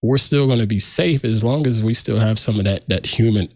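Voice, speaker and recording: A man co-hosting a tech podcast, talking casually with a relaxed, searching manner. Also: lowish voice, a little fast, no room sound, clean studio sound. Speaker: podcast co-host.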